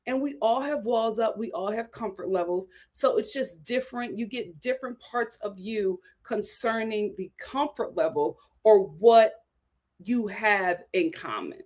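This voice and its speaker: A young woman with a light Philadelphia accent hosting a casual live-stream chat, talking in an animated way with frequent "right?" asides. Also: medium pitch, unhurried. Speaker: host reviewing a reality show.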